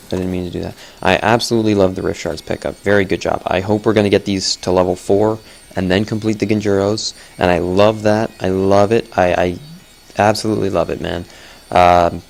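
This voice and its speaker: A man's voice: low-pitched, vocal fry, slight background noise. A young man giving casual, chatty commentary on a game replay, blunt and often correcting himself.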